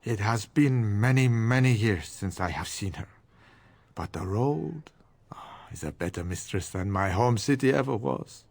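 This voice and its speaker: A smooth, evasive traveling trader. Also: male voice, on the low side, lively intonation, a little slow, darkish tone, exaggerated voice. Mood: courteous. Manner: polite, formal and guarded, with a foreign lilt. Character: courteous worldly male trader, smooth and evasive. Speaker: merchant.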